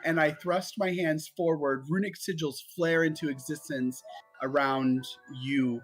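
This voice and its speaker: A man slowly describing his character's spell in a tabletop game, pausing with many ums. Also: fairly high pitch, fairly even intonation, faint music behind, poor audio. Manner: slow, halting, many ums. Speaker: player.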